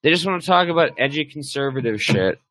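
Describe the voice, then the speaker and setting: Young man with a loud, lively rant. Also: fairly high pitch, quick pace, dry recording, low-quality recording. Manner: crude, heated, rambling, swings between loud and muttered. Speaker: host. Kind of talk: profane casual rant.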